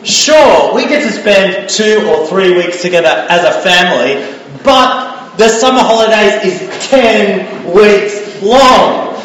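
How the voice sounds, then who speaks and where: A man's voice: sits high, slow pace, hardly any pauses, a little hiss or hum. A middle-aged man preaching a sermon as a guest speaker, telling stories in a conversational way and letting phrases trail off. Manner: conversational, animated storytelling with dropping trailing phrases. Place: church. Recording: echoey hall, heard from far off.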